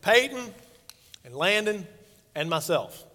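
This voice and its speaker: A man's voice: sits high, big pitch swings, slow pace, bright, forceful tone, slight background noise. A man in his forties, a pastor preaching a sermon in a playful, conversational way and acting out quotes. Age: 40s. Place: church sanctuary stage. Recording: long reverb of a large hall.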